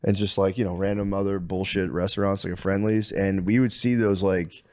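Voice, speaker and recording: A man's voice: deep voice, level tone, brisk, a little mellow. A man co-hosting a podcast in loose, profane casual chat, laughing often. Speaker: podcast co-host.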